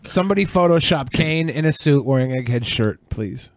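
A man's voice: medium pitch, animated, moderate pace, crowd noise. A man co-hosting a rowdy podcast, joking around and bursting into silly singing. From Washington state. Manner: joking, sings nonsense scat loudly. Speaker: podcast co-host. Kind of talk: rowdy casual chat.

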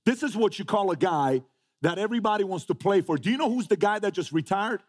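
Male motivational speaker, emphatic and repetitive, lively swooping delivery. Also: high voice, fast. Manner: emphatic, repeats phrases, rhetorical questions. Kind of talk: motivational talk to a live audience.

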